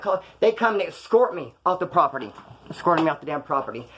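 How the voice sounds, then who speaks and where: A man's voice: fairly high pitch, very animated, fast talker, a bit bright, slightly rough. A man telling wild stories from his past in a casual, slangy, profane way, acting out the voices of the people he quotes. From California. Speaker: storyteller recounting his past.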